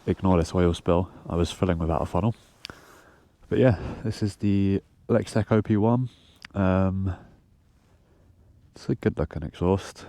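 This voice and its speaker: A man's voice: sits low, measured pace, long pauses, no room sound. A man with a congested, nasal voice from a cold, chatting casually as he rides a motorbike on trails. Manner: chatty, loose, repeats himself. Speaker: motorcycle vlogger. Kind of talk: casual chat while riding. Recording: loud engine and wind noise.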